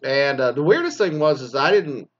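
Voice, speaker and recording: A man's voice: fairly high pitch, lively intonation, normal speed, a bit bright, highs cut off. A man in his forties, a former teacher, telling a crude story in a casual rant and swearing constantly. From Mesquite, Texas.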